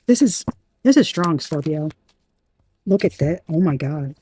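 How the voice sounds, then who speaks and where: A woman giving a tarot reading in an emphatic, animated way, talking straight to the viewer and swearing now and then. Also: low-pitched, measured pace, husky. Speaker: tarot reader.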